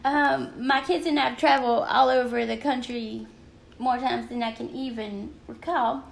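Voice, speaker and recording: A woman's voice: fairly high pitch, fairly even intonation, moderate pace, creaky. An older woman with a Southern American accent, rambling chattily on a craft livestream and greeting viewers by name. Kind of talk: casual livestream chat. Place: at home craft desk.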